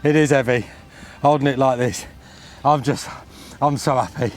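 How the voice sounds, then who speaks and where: A man from England chatting excitedly at a lakeside, laughing and cheering in sing-song bursts. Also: mid-range voice, moderate pace, a little hiss or hum. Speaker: angler, show regular. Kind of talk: excited casual chat on camera. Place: outdoors at a lakeside. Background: music.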